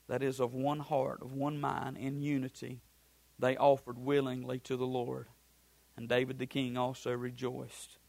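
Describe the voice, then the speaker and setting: A man's voice: mid-range voice, vocal fry. A man preaching a sermon as pastor, building his points through repeated phrases and breaking into casual asides.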